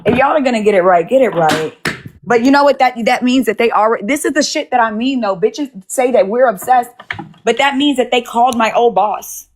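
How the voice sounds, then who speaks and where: A woman's voice: fairly high pitch, a little fast, slight background noise. A woman hosting a casual livestream, talking bluntly and profanely and repeating her points. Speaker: livestream host.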